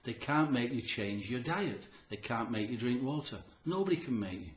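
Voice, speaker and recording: A man's voice: medium pitch, lively intonation, moderate pace. Man for a motivational health vlog: earnest and emphatic, repeats himself for effect, slightly out of breath, roomy echo. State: audibly short of breath. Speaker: health vlogger. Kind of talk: motivational talk to camera.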